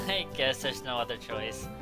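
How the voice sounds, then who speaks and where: A man's voice: medium pitch, lively intonation, a little slow, over music, low-quality recording. A man hosting a let's play, reading visual novel narration aloud with casual, jokey asides.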